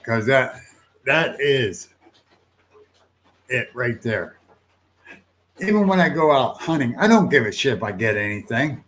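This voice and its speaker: A man's voice: mid-range voice, expressive, unhurried, long pauses, fairly bright tone, a little hiss or hum. An older man hosting a casual livestream, rambling in a folksy way, laughing often and swearing now and then as he answers viewers. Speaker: livestream host.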